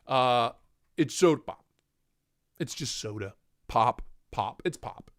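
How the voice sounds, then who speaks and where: A man's voice: mid-range voice, lively intonation, slow pace, pauses often, no echo, clean studio sound. A man hosting a casual livestream, joking and reading chat aloud in a playful way. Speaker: livestream host.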